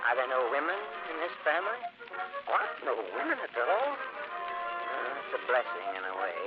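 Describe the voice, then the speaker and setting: A jolly, drink-loving Dutch villager for old-time radio; bouncy, lively delivery, muffled old broadcast sound with music. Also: male voice, mid-range voice, moderate pace. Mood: wondering. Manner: jovial, chatty, talks to himself and his dog. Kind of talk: 1940s radio acting.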